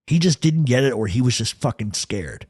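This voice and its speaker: A man's voice: medium pitch, big pitch swings, darkish tone, slightly rough, no echo, clean studio sound. A man telling a true crime story from his own life in casual first person, swearing heavily and talking with intensity. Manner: profane, intense, rapid retelling.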